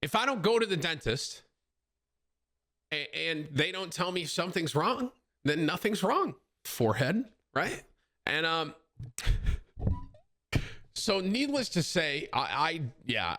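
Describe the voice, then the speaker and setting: A man's voice: mid-range voice, sharp tone. A man in his thirties, a streamer chatting casually with his viewers and telling a rambling, joking story full of slang. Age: 30s.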